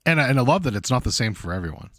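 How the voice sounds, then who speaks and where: A man co-hosting a casual podcast, swearing freely as he tells stories with lively energy. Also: medium pitch, rapid-fire, no room sound, clean studio sound. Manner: profane, animated storytelling. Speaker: podcast co-host. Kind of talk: casual chat.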